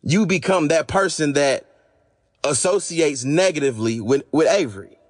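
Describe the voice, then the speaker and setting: A podcast host with a hoarse, fading voice, delivering a blunt, profane, exasperated monologue. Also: male voice, a little high, moderate pace. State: losing his voice.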